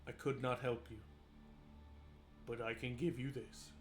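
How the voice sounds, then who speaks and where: A man voicing a deep, resounding celestial being. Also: flat delivery, unhurried, soft background music, close to an everyday voice. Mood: solemn. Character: deep-voiced celestial being, male, ancient and grave.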